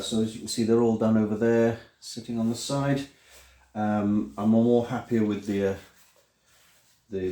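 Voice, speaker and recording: A middle-aged man with a British accent talks through his build in a loose, self-deprecating ramble that is full of ums and false starts. His voice sits on the low side. He is picked up from some distance in a roomy, echoing workshop. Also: mellow. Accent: British English. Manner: rambling, self-deprecating, many fillers and restarts. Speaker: maker vlogger. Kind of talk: casual build vlog.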